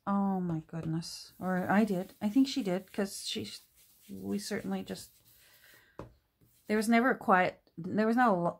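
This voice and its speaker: A middle-aged Canadian crafting vlogger chats and rambles while working on crafts at home, restarting often and saying um a lot. Her voice is on the low side with vocal fry, picked up by a camera mic at her work table.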